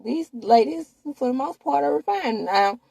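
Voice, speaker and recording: Husky lady from dishing on a reality show, mellow dry sound. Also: sits high, lively intonation, measured pace, dry recording. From Mississippi, USA. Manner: chatty, gossipy, talks straight to viewers. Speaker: host. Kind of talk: casual reality-TV recap commentary.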